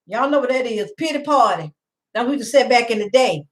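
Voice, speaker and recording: A woman's voice: fairly high pitch, animated, fairly quick, poor audio. A middle-aged woman hosting a casual home live stream, rambling and chatty, greeting viewers by name and laughing often. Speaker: livestream host.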